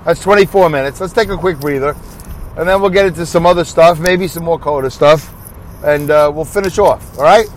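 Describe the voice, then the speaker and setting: A man's voice: on the high side, fairly quick, slight background noise, rough recording. A man hosting a casual solo podcast, rambling and thinking aloud, asking and answering his own questions. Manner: leads listeners through a breathing break. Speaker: podcast host.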